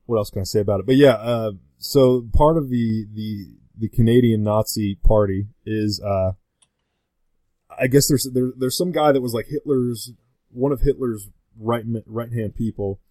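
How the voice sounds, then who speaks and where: A man's voice: mid-range voice, moderate pace, mellow, dry recording. A man guesting on a podcast, chatting casually and rambling with lots of fillers and restarts. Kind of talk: casual chat.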